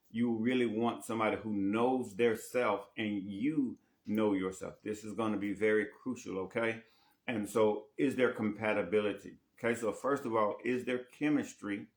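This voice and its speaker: A man coaching on dating in a casual teaching monologue, often repeating himself and tagging rhetorical questions with "right?". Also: lowish voice.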